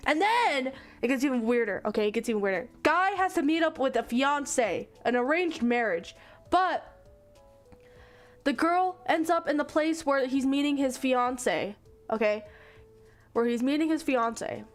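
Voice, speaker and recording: A young adult woman streamer casually retelling a story in a rambling, animated way, full of fillers and restarts. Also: high-pitched, measured pace, faint music behind. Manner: rambling and animated, acting out characters' lines. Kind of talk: casual stream chat, retelling a manga plot.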